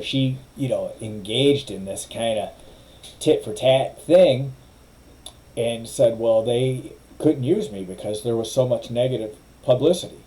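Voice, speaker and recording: Mellow-voiced man giving wry commentary. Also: mid-range voice, rough recording. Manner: opinionated, wry, mimics others' phrasing. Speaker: lawyer commentator. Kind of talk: casual commentary.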